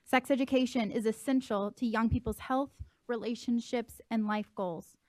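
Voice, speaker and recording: A woman reads a prepared statement in a measured, even delivery. Her voice is a little higher than most. The sound is dry and close. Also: no room sound. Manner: smooth, measured reading. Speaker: advocacy representative. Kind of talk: read public statement.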